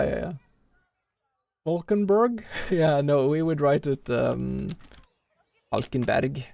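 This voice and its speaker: A man's voice: medium pitch, gravelly, mellow, no echo. A man streaming a speedrun, rambling casually and thinking aloud with lots of filler words. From Norway. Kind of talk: casual live-stream chat while playing.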